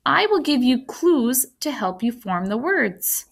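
A woman teacher giving an online phonics lesson to young children, speaking slowly and clearly and sounding out words with encouragement. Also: high-pitched, very animated.

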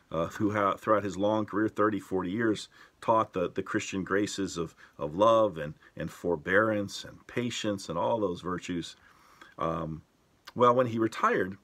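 A man leading a daily devotional as pastor, telling stories calmly and unhurriedly with many small hesitations. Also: sits low. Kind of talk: devotional sermon.

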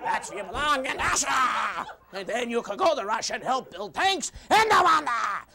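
A man playing a loud, insulting conservative debater in a TV comedy sketch, shouting and mocking with rhymes. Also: very high-pitched, very animated, moderate pace, gravelly, over a noisy crowd, exaggerated voice. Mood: ranting. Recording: studio audience laughing loudly.

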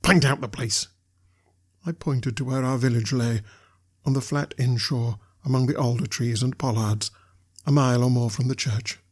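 A man reading a classic novel aloud as an audiobook narrator, with measured storytelling delivery. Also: medium pitch, fairly even intonation, darkish tone, husky.

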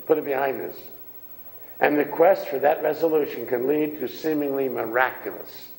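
Gravelly-voiced preacher guy, chatty folksy sermon, lots of questions, big echoey church hall. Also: mid-range voice, moderate pace, darkish tone. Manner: conversational, folksy, asks the congregation questions. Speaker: minister.

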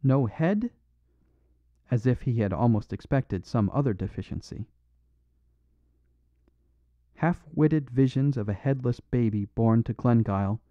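A man narrating a classic mystery in a measured, steady way. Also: mid-range voice, no room sound. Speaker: audiobook narrator. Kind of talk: scripted audiobook narration. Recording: dull dry studio recording.

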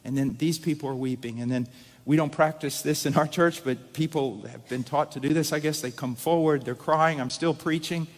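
A middle-aged male preacher with a notably high voice delivers a dramatic sermon. He swings from loud, urgent emphasis to quiet intensity. His voice carries the long reverb of a big church hall. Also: fairly even intonation, moderate pace. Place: church sanctuary.

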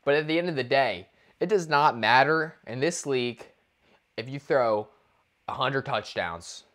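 A man's voice: medium pitch, unhurried. A man co-hosting a sports podcast, ranting in casual talk with lots of restarts. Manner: animated ranting, many restarts and fillers. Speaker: podcast co-host.

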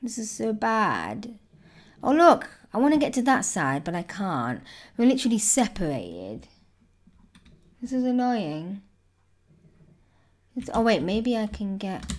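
A woman's voice: mid-range voice, huge pitch swings, a little slow, long pauses, a bit bright. A woman commenting on her own gameplay, exclaiming and squealing at every surprise. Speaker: gaming YouTuber. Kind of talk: excited let's-play commentary.

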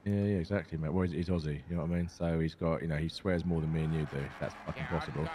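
Man, very low voice, rapid and sweary, faint background noise. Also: steady tone, dark tone. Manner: swears a lot, says "mate" constantly. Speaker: roleplay player. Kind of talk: casual in-game chat.

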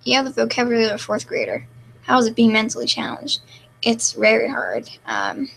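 A young woman streaming live, reading chat comments aloud and answering in a deadpan, self-mocking way. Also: a little high, a little fast, gravelly, a little hiss or hum, poor audio.

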